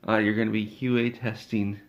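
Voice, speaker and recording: A man voicing a bossy little girl who hosts a coffee party, in a soft low speaking voice. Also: flat delivery, fairly quick, muffled recording, close to an everyday voice.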